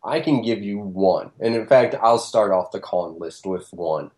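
A man's voice: fairly low pitch, unhurried, darkish tone. A man co-hosting a crude comedy chat, ranting and swearing freely. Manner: profane, ranting. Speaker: podcast co-host.

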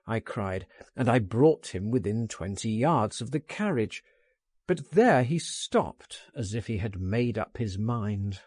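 A man reading a first-person story aloud in a measured narrating manner. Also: on the low side, expressive, darkish tone, breathy edge, no echo, clean studio sound. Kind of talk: audiobook narration.

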